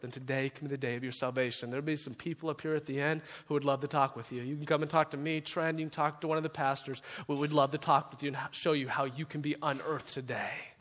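A male pastor preaching a sermon in a church, passionate and shifting between loud and soft. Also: medium pitch, in a large hall. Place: church sanctuary.

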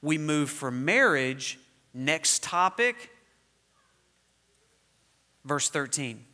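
A man's voice: fairly high pitch, big pitch swings, sharp tone. A middle-aged male pastor preaching a sermon, telling stories and stretching out key words for emphasis. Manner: storytelling with emphatic, drawn-out stresses. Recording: echoey hall reverb.

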